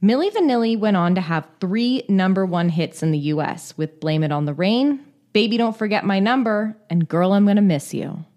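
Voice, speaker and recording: A woman's voice: medium pitch, expressive, normal speed, hardly any pauses, darkish tone. A woman co-hosting a podcast, reading a scripted music history with casual chatty asides. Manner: reads quotes aloud, breaks into laughter. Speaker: podcast co-host.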